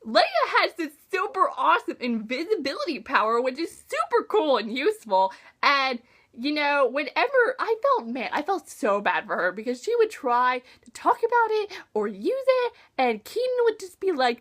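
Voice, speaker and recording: A woman's voice: high voice, very animated, moderate pace, a bit bright. A young woman talking casually and emotionally about a book she read, gushing and using slang. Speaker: book reviewer. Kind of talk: casual book talk vlog.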